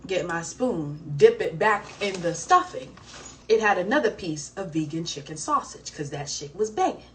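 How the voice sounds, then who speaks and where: Animated Southern woman telling a story. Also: on the low side, moderate pace. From American South. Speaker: singer on a livestream. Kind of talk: casual storytelling chat. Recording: distant mic, faint background noise.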